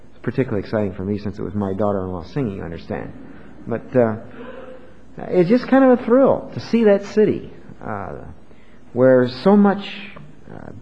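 An older man preaching a sermon as pastor, expressive and rising to loud, emphatic peaks. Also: medium pitch. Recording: dull lo-fi church recording with long reverb.

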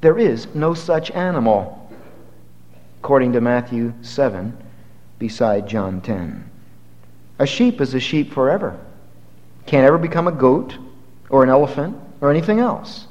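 A man preaching a sermon, emphatic, slowing down on key words and building to forceful high peaks. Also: lively intonation. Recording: dull lo-fi sound with long hall reverb.

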